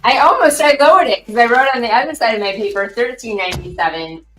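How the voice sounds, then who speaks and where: A woman, a podcast panelist, chatting in quick bursts about a game. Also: on the high side, a bit bright, soft background music. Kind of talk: casual podcast banter. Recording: roomy echo.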